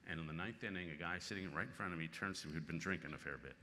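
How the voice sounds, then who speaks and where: Long reverb and faint noise fill the big hall as a featured speaker, a columnist in his sixties, fields audience questions. His voice is deep and very fast, and he spins lively stories broken up by bursts of laughter.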